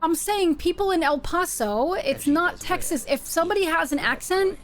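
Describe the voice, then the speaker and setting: A woman's voice: very high voice, lively intonation, normal speed, music in the background. A woman hosting a live stream, chatting playfully with her viewers while she plays a game. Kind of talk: casual live-stream chat while gaming.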